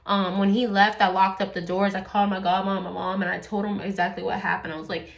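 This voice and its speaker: Woman, casual storyteller, rambling and candid, mid pitch, roomy echo. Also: little pitch movement, quick pace, gravelly, few pauses. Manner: candid, rambling, many fillers and swearing. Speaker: YouTuber telling a personal story.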